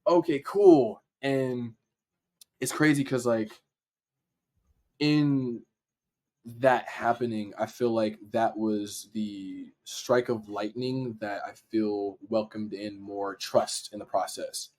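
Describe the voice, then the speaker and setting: Young guy on a podcast, super animated storyteller, does the voices of everyone in the story, swears a bit. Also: lowish voice, slow pace. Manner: animated, acts out what people said, swears casually. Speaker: podcast guest, dancer and editor. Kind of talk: casual storytelling.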